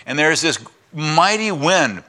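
A man preaching a sermon, retelling scripture with voiced parts, dropping to a hush for God and rising high for Elijah. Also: very animated, takes it slowly, background noise. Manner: drops to a hushed voice for God's lines, climbs high for Elijah's complaints. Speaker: pastor.

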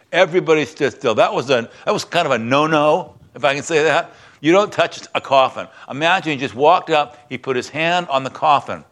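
A man's voice: a little high, a bit bright. A male pastor preaching a sermon, reading a Bible passage aloud and then explaining it in a conversational teaching manner.

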